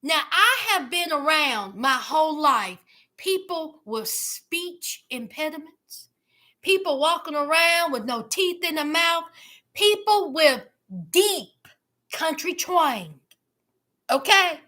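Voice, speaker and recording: Very high-voiced sassy woman. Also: expressive, slow, pushed and bright. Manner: sassy, drawling, teasing asides. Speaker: reality TV commentator. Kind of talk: reaction commentary vlog.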